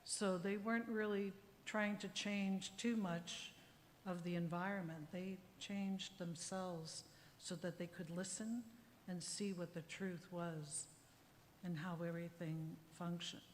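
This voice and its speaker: A woman elder giving a heartfelt, unhurried ceremonial welcome at a graduation. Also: lowish voice, steady tone, slight background noise. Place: large hall at a university graduation ceremony. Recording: livestream audio with hall reverb and faint ambience.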